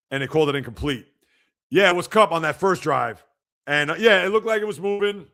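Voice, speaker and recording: Man, sports podcast host, gravelly voice, slightly high pitch, reads out chat comments. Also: fast talker. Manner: animated, talks back to viewers' comments.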